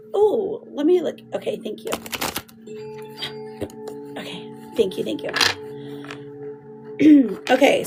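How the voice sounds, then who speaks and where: A woman with a hoarse, laryngitis-worn voice, chatting casually with viewers as she hosts a live tarot reading. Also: sits high. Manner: chatty, greets viewers by name, laughs often. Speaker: tarot reader hosting a livestream. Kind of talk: casual livestream chat.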